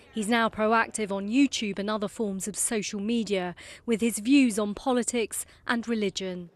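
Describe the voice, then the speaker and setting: A woman reporting from court for a news bulletin, in a measured, formal delivery. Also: mid-range voice.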